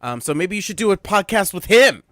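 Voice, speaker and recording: A man's voice: high-pitched, sing-song, brisk, a bit bright, no room sound, clean studio sound. A man in casual comedy chat, rambling and opinionated about TV shows.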